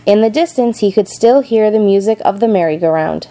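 A woman narrates a storybook aloud in a calm, measured way. Her voice is warm and mellow, neither high nor low. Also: slight background noise, poor audio.

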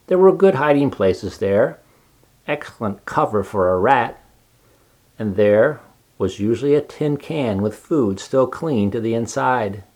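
A man reading a children's storybook aloud in a calm, measured way. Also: mid-range voice. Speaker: narrator.

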